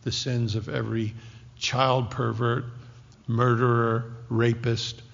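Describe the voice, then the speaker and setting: A man in his sixties preaching a sermon, joking lightly at first and then dropping to a hushed, whispered intensity. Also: mid-range voice, takes it slowly, vocal fry. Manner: animated, jokey asides that drop to hushed, whispered intensity. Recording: dull lo-fi recording with long hall reverb.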